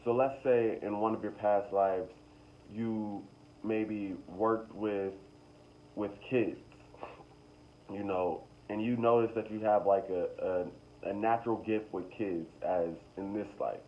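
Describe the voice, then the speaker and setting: A young man talking casually to his viewers about spiritual awakening, rambling and repeating himself, with slow emphatic stretches. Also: on the low side, steady tone, muffled recording, slight background noise. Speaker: spiritual vlogger. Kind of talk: casual motivational monologue.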